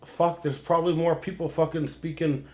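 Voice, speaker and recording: A young man hosting a late-night sports livestream, ranting, swearing constantly and working himself up into shouting. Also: on the high side, flat delivery, moderate pace. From Canada. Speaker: sports show host. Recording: roomy echo.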